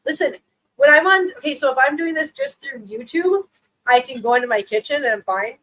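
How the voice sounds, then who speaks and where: A woman's voice: sits high, expressive, brisk, sharp tone, low-quality recording. A woman hosting a casual live stream who chats with viewers, laughs often and coos baby talk at her cats.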